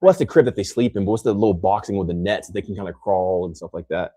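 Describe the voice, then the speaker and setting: A man's voice: low-pitched, quick pace, warm tone, no room sound. A man from the United States hosting a casual podcast chat, rambling with many restarts and acting out other people's lines. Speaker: podcast host.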